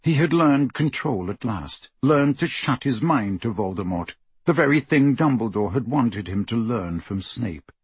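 A man narrating an audiobook in a measured, somber way on a close studio mic. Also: medium pitch, animated, breathy edge, no room sound.

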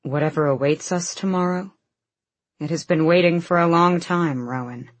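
A woman voicing an earnest, insistent male warrior in an audiobook, low and husky. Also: moderate pace, dry recording, natural voice. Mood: urgent.

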